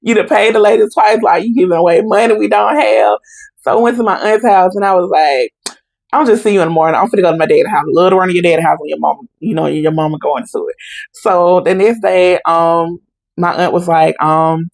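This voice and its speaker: Gravelly, husky woman telling a story. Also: lowish voice, fast talker, dry recording, rough recording. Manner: animated retelling with quoted dialogue in Southern Black vernacular. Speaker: podcast guest. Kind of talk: casual storytelling.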